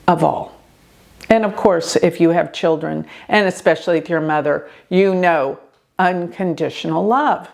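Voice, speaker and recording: Slow-talking older woman telling a personal story. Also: on the low side. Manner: earnest, expressive storytelling. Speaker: astrologer host.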